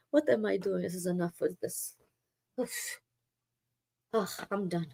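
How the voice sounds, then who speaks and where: A woman's voice: on the low side, a little slow, creaky, long pauses, mellow, husky. A woman live-streaming, talking back to her chat in a sarcastic, mocking and scolding way. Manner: scolding, lecturing.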